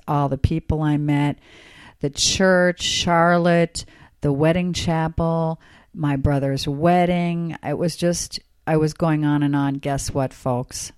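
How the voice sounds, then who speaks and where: A woman's voice: low-pitched, darkish tone, smooth, no room sound, studio quality. A woman hosting a church podcast, chatting in a folksy, rambling way with a morning voice. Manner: chatty, folksy, enthusiastic asides. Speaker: podcast host. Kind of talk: casual rambling podcast chat.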